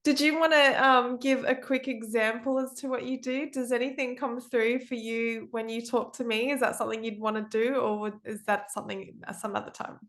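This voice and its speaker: A woman's voice: a little high, steady tone, a little fast, hardly any pauses, a bit bright. Woman, podcast host, earnest and upbeat, casual interviewer. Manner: earnest, upbeat, uses fillers.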